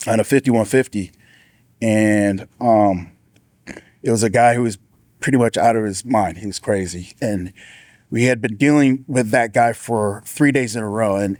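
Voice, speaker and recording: A former deputy gives an earnest personal testimony, telling it casually like a story, often restarting his sentences and raising his pitch to impersonate the people he quotes. His voice is a little mellow, and the recording is dry and studio quality.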